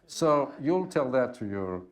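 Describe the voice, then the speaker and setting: A French man in his sixties, a native French speaker, answering audience questions as a guest expert, speaking haltingly with many fillers and wry asides. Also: mid-range voice, sing-song, crowd noise. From France. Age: 60s. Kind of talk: Q&A talk at a public forum.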